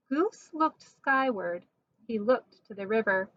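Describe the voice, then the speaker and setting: A woman reading a picture book aloud in a gentle, measured storytelling manner. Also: a little high, animated, no echo, muffled recording.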